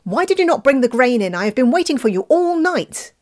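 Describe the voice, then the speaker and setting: A woman voicing an angry mother scolding her son in a storybook, sharp and loud. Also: medium pitch, lively intonation, brisk. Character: cross, scolding peasant mother.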